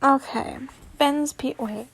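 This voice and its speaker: A woman's voice: high-pitched, slow, vocal fry, fairly bright tone. Giggly young woman reading fan fiction. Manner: giggly, stumbling, swears in asides. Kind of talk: casual story reading with asides.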